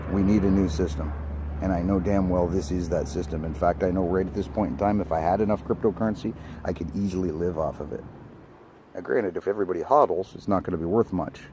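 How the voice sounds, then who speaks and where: A man's voice: deep voice, background noise. An older man and network engineer delivering a blunt, emphatic rant outdoors by a street, swearing casually as he goes. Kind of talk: ranting vlog monologue.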